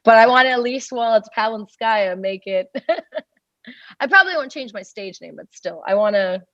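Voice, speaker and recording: A woman's voice: a little high, expressive, normal speed, a bit bright. A young woman in her twenties from Russia, a stand-up comedian chatting as a podcast guest in a rambling way full of fillers. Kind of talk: casual podcast interview. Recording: dull, dry lo-fi sound.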